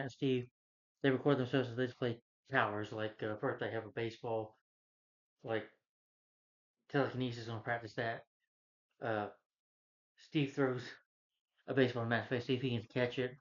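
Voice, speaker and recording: A man giving a casual, rambling plot recap as a movie reviewer, with many restarts and "you know" fillers. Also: mid-range voice. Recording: dull lo-fi recording.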